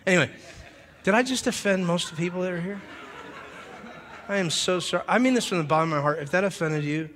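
Man, preacher, fairly high voice, humorous revival sermon, animated with sudden shouts, long hall reverb. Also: fast, pauses often, slight background noise. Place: church hall.

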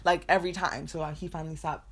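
A woman's voice: sits low, flat delivery, fast, a little hiss or hum. A young woman co-hosting a podcast, telling a long story in casual chat and acting out the quotes with changed voices. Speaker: podcast co-host.

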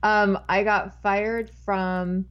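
A woman's voice: mid-range voice, little pitch movement, drawn-out words, a bit bright, smooth, dull audio. Rambling woman guest telling a story. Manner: rambling, self-interrupting storyteller. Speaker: podcast guest. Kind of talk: casual anecdote telling.

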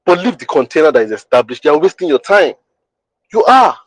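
A man's voice: a little high, lively intonation, fast talker, no echo, rough recording. A man hosting a podcast who teaches in an emphatic, repetitive way and often asks the listener whether they understand. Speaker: podcast host. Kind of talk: teaching monologue.

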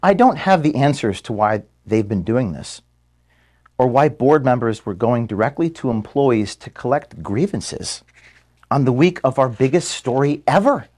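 A man giving a farewell address to his staff, filmed in an office room. He is close to tears and halting, and he stops to apologize as he speaks. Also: medium pitch, lively intonation, a little mellow. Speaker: organization founder giving a farewell speech to staff.

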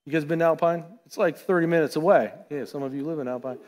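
Man preaching with lively asides. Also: fairly high pitch, fast talker. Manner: conversational, animated preaching with asides. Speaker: pastor. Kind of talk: sermon. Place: church sanctuary. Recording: long church hall reverb.

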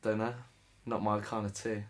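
A young Englishman co-hosts a casual podcast as its sports correspondent, laid-back and self-mocking, laughing often while discussing sport and music. His voice is lowish and monotone at a moderate pace, with a little hiss or hum.

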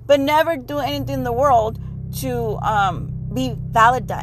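A middle-aged woman with a bright, high voice talks straight into her podcast mic, blunt and emphatic. She sprinkles Spanish words into her casual monologue. A faint hum of noise sits under the recording. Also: measured pace, rough recording. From Mexico heritage. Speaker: podcast host.

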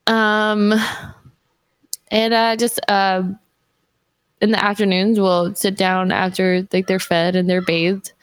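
A woman's voice: medium pitch, little pitch movement, slow pace, pauses often, clean tone, no room sound. A woman in her thirties, a mother, talking candidly and rambling, with lots of "like" fillers. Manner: rambling, heavy use of "like". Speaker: guest, mother and streamer. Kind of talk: candid casual conversation.

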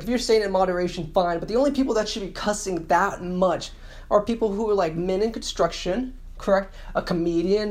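Annoyed man ranting sarcastically. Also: high-pitched. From San Francisco Bay Area. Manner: mimics women in mocking voices. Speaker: vlogger. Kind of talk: casual ranting monologue.

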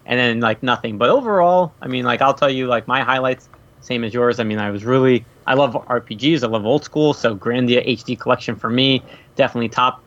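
A chatty man co-hosting a relaxed gaming podcast, his talk full of loose "like" fillers. His voice sits at an ordinary pitch. The recording is a little dull and lo-fi. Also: quick pace. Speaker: podcast co-host. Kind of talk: casual chat.

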